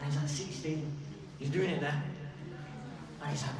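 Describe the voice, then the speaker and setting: A man's voice: on the high side, steady tone, a little fast. Playful man talking to a kids' audience. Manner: playful, acts out dialogues, asks the kids questions. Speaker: youth speaker at a mosque. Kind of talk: lively talk to children. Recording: echoey hall, mic from a distance, audience noise.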